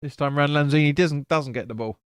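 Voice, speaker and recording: A man's voice: fairly high pitch, fairly quick, clean tone, no echo, studio quality. A man hosting a live football watch-along, chatting casually, swearing and stumbling over player names. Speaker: fan stream host.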